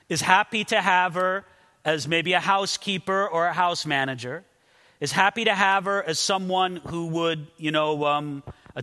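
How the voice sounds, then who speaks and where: Earnest high-voiced male preacher in a hall. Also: bright, forceful tone. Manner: earnest, emphatic, repeats words when stressing. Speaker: pastor. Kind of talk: expository sermon.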